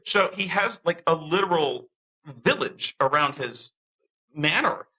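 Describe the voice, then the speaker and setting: A man tells a story in a casual, animated way, acting out the voices of the people he quotes. His voice is very bright, and he often restarts his sentences. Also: on the high side, unhurried, husky, low-quality recording. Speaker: interviewee.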